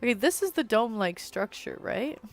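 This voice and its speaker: A woman's voice: a little high, big pitch swings, a little fast, vocal fry, soft background music. Chatty young woman streaming a game. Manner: rambling and chatty, fills speech with "like". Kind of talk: casual live-stream chat while gaming.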